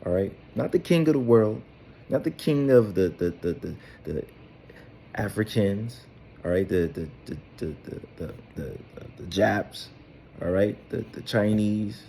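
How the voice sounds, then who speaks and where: A man's voice: on the low side, lively intonation, measured pace, gravelly, mellow, a little hiss or hum. A man giving a loose, informal scripture lesson who keeps asking "all right?" and rambles with fillers and repeated words. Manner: tags nearly every phrase with "all right?". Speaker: Bible teacher.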